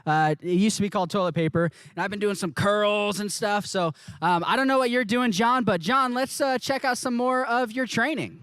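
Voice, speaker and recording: An upbeat man hosts a youth live stream, talking straight to his viewers in a casual way. His voice sits high and sounds smooth and resonant, recorded dry and close. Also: moderate pace, hardly any pauses, a bit bright, dry recording. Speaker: youth ministry host.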